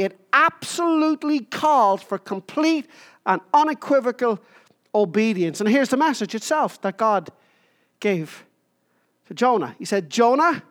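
A woman preaching a sermon, emphatic, with short repeated phrases and pauses. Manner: jokes about squeaking into a higher voice.

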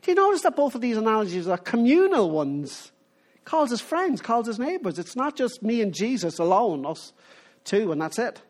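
A lively, animated preacher delivers a sermon. The voice rises and falls freely, and the speaker presses each point emphatically, often breaking off and restarting mid-phrase. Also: medium pitch, moderate pace. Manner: animated, asks the listeners rhetorical questions.

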